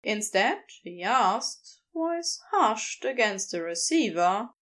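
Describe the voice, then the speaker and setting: A woman narrating fan fiction aloud with expressive storytelling. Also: medium pitch, slow.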